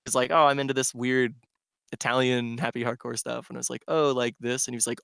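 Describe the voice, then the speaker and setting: A man's voice: mid-range voice, little pitch movement, fast talker, gravelly, a bit bright, smooth, no room sound, clean studio sound. A man who is a DJ, telling a long rambling story in casual podcast chat and filling it with "like". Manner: rambling storyteller, heavy "like" filler. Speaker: DJ guest.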